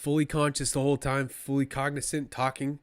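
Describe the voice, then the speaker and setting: A man giving casual live play-by-play of a fight to his stream viewers, rambling and excitable like a fan, talking to the chat between calls. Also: medium pitch, brisk, clean tone, no room sound.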